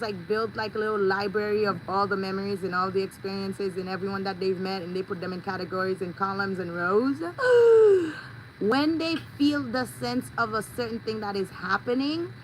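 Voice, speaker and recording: Bright-voiced woman rambling playfully. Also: mid-range voice, a little hiss or hum, poor audio. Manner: playful, animated storytelling with sound effects. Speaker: vlogger. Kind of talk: casual rambling monologue.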